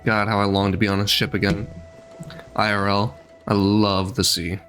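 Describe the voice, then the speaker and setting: Low-voiced man casually commenting on gameplay. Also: flat delivery, normal speed, a bit bright, faint music behind. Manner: chatty, blunt, self-deprecating. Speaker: VTuber streamer.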